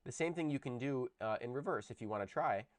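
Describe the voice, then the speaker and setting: A man explains linguistics in a recorded lecture, pausing to pronounce sample words aloud. His voice sits at a middle pitch. The sound is dry and close, with no room echo. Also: expressive. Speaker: linguistics teacher.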